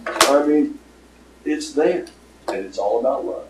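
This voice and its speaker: An older man giving a casual, rambling pitch to an audience, with lots of fillers. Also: normal speed, background noise. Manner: rambling storyteller with many fillers. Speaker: startup presenter. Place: meeting room with audience. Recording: roomy, distant room recording.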